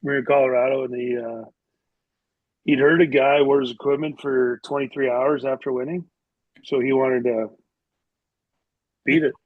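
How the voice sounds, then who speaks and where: A middle-aged man, once a hockey player, tells casual stories as a guest on a podcast, rambling freely and relying on filler words. His medium-pitched voice keeps a fairly even intonation at normal speed, broken by long pauses. The sound is dull and lo-fi, recorded close and dry with no room sound.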